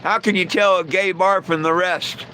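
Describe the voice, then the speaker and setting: A man's voice: high voice, steady tone, moderate pace, bright, forceful tone, a little hiss or hum, poor audio. A man hosting a live stream, telling jokes in a folksy, rambling way with lots of "you know". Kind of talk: casual joke telling.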